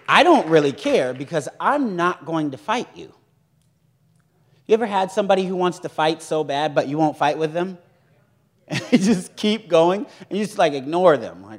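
Animated young man preaching with jokes. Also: a little high, normal speed. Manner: animated, joking, acts out voices of others. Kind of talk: sermon.

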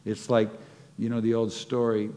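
A man's voice: fairly low pitch, monotone, normal speed, mellow. A man preaching a sermon, reflecting on scripture and acting out short stories as he teaches. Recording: long hall reverb.

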